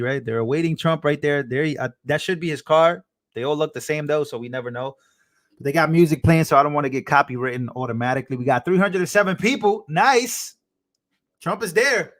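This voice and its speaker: A young man hosting a live stream, chatting casually, reading out chat messages and thanking donors. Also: on the high side.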